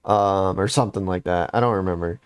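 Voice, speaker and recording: A man's voice: low-pitched, brisk, clear, resonant tone. A young adult man casually recounting a game story on a podcast, rambling with lots of fillers. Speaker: podcast host.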